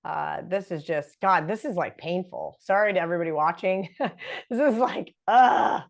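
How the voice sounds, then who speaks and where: A woman appearing as a guest analyst on a sports betting show, animated and exasperated, with lots of fillers. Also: lowish voice, normal speed, vocal fry. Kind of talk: casual sports betting chat.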